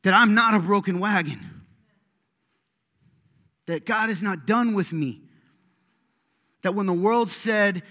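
Preaching slowly with long pauses, a middle-aged pastor with a fairly high, sharp voice starts loose and joking before building to emphatic delivery. A long reverb from the church sanctuary's walls trails after his words.

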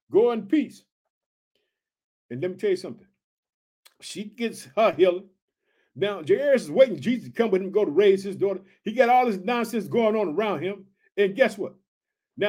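A man preaching an informal sermon, reading scripture and breaking off to address listeners as family in an excited, slangy, emphatic way. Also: high-pitched.

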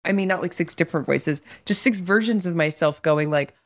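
A woman talking candidly in a casual chat, expressive and quick to slip into voices as she tells a story. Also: lowish voice.

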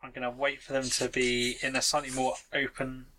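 A man who is a player at a tabletop game, giving his character's lines a gruff edge. His voice is very bright and cutting, with a faint hiss of noise behind it. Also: mid-range voice, monotone, brisk, rough recording. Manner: plays his bear character in a gruff growl. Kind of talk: tabletop role-play banter.

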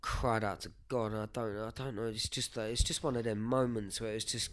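Earnest, halting man in his thirties. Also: on the low side, little pitch movement, a little hiss or hum. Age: 30s. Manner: earnest, emotional, halting with many fillers. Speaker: podcast guest. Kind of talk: personal testimony, casual chat.

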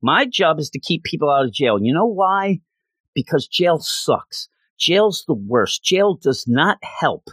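A man's voice: on the high side, big pitch swings, moderate pace, few pauses, fairly bright tone, slightly rough, no echo, heavily acted. A man retelling the lines of a frustrated female defense lawyer, scolding and exasperated.

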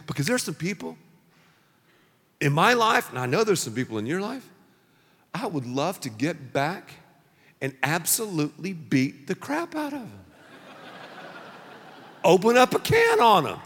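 A man preaching a sermon as pastor, punchy and animated, leading the crowd in call-and-response. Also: sits high, normal speed, pauses often. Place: large church auditorium. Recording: long reverb of a large hall.

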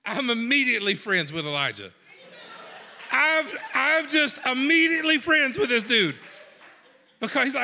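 A man preaching a sermon in a folksy, animated way, swinging from hushed lines to shouts. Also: very high-pitched, normal speed, vocal fry, pauses often, long reverb tail, slight background noise. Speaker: pastor.

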